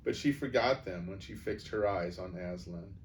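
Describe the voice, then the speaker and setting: A man reading a children's novel aloud, expressive and changing his voice for the characters. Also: low-pitched, moderate pace, recorded from a distance, slight background noise. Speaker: storyteller.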